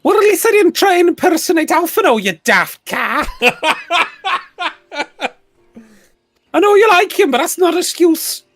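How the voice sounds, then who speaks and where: A man voicing a hot-tempered young woman who shouts and insults her sibling in a comic game voice-over. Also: extremely high pitch, very animated, a little fast, voice pushed up, exaggerated voice. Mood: scolding.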